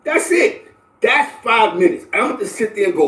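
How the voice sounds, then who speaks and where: A middle-aged New man with a fairly high voice hosts a casual livestream, lecturing his viewers in lively street slang. He keeps checking in with "you know what I'm saying". The voice sounds echoey, as if he sits well back from the mic in a bare room. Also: moderate pace. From the Bronx, New York. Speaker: livestream host. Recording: roomy, distant from the mic.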